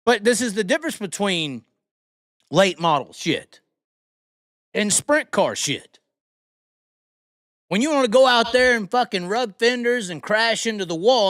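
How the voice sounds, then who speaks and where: A man hosting a live stream, talking racing in a profane, animated, laughing casual chat. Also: high voice, moderate pace, no room sound, studio quality. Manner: animated, swears constantly, laughs often. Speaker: podcast host.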